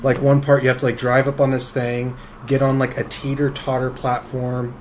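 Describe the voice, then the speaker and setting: A man hosting a casual podcast chat, talking haltingly with many fillers and restarts. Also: mid-range voice, monotone, slight background noise. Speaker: podcast host.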